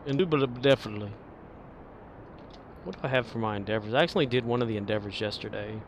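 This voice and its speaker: A man's voice: fairly low pitch, rapid-fire, a little hiss or hum. A man chatting casually while streaming a game, mumbling and chuckling to himself.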